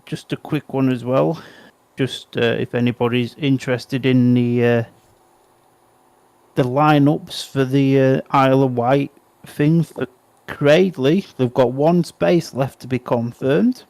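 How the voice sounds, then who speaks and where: A man, a young adult co-host, doing excitable speedway play-by-play with wry asides on a close mic. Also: medium pitch, measured pace, gravelly, no echo. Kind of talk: speedway watch-along commentary.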